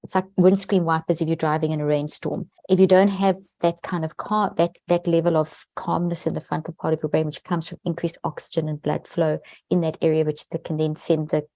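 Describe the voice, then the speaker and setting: A woman's voice: deep voice, flat delivery, fairly quick, hardly any pauses, dark tone, no room sound. A woman guest on a podcast interview, a neuroscientist explaining techniques in an earnest way and pressing key words.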